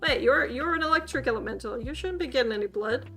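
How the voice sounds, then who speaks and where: Giggly high woman teaching. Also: expressive, fast, over music. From Sweden. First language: Swedish. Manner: giggly, laughs often, playful and chatty with chat. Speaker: streamer teaching a language class. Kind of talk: livestreamed language lesson.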